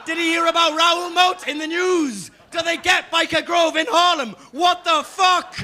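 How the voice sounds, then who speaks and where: A man's voice: extremely high pitch, steady tone, normal speed, bright, forceful tone. A man from Newcastle doing a stand-up comedy set on a club stage, rowdy and swearing as he teases the crowd. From Newcastle upon Tyne, England.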